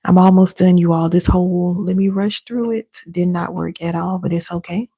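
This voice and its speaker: A woman working as an inner healing coach, hosting a live session and talking viewers through slow affirmations and deep breaths in a casual, direct way. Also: fairly even intonation, gravelly, mellow, husky.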